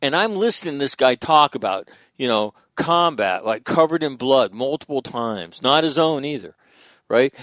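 On a podcast, a man with a medium-pitched voice chats casually, swearing freely and telling stories with lots of animation. He keeps restarting his sentences. The recording is close and dry, with no room sound.

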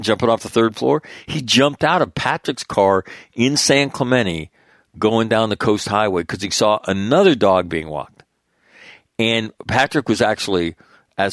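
A man's voice: lowish voice, no echo, studio quality. A man hosting a talk show, reading headlines and drifting into loose, rambling stories with frequent laughs. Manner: rambling, animated storytelling with laughs. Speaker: show host. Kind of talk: casual talk show monologue.

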